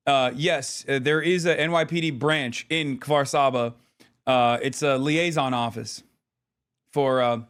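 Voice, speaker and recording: Male streamer, slightly higher voice, rapid, rambling casual commentary. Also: fairly bright tone. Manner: rapid, rambling, profane, with frequent uh fillers.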